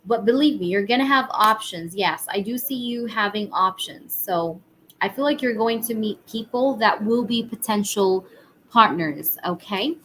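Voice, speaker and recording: Woman tarot reader, husky throat, casual and rambling, middle pitch, light room noise. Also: normal speed, a bit bright, poor audio. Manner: casual, chatty, many fillers. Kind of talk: live-stream tarot reading.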